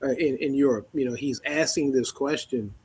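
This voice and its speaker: A man giving measured political commentary as a panel guest. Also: medium pitch, a little mellow, slight background noise.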